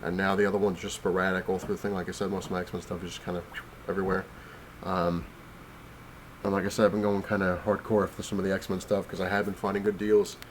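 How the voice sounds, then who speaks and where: Deep-voiced and level, a man speaks quickly with a little hiss or hum on the recording. He's a comic collector vlogging from his couch at home while sick and breathless, rambling casually with lots of fillers and restarts.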